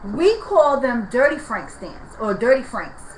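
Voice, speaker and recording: Her voice high and sing-song yet unhurried, a woman vlogger angrily tells viewers about a confrontation on the street. Heated, she keeps addressing them as "people" and "y'all" from an echoey apartment room with faint background noise.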